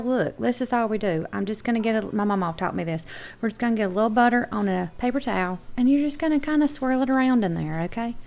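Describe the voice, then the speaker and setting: A woman's voice: medium pitch, darkish tone. Chatty Southern woman cooking at home. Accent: Southern American. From Southern United States. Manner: chatty and homey, addresses viewers directly, often apologizes and checks in with "okay?". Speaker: cooking show host. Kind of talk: casual cooking demonstration. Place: home kitchen.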